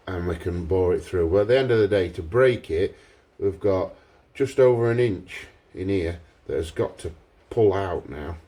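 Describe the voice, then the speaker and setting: A man, a pipe maker talking through his workshop repair in a relaxed, thinking-aloud way. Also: low voice. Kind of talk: workshop vlog.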